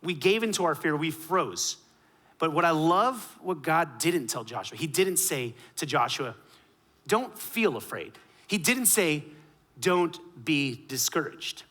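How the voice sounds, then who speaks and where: A man with a fairly high, bright, forceful voice delivers a sermon from the pulpit. He rises to loud, punchy emphasis, then drops to soft, low asides. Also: lively intonation, a little slow. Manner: dynamic preaching, swinging between loud emphasis and quiet asides. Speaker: pastor.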